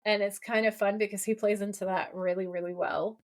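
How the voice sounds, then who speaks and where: A woman's voice: medium pitch, little pitch movement, fairly quick. A woman co-hosting a podcast, chatting casually as she recaps a TV episode and reads out lines from it. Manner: retells scenes by reading out lines, with many fillers. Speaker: podcast co-host.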